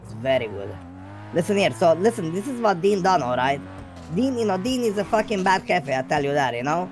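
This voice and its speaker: A man's voice: high voice, big pitch swings, brisk, over music. A man talking in character during role-play, rambling, swearing often and laughing at his own stories. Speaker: role-play gang member.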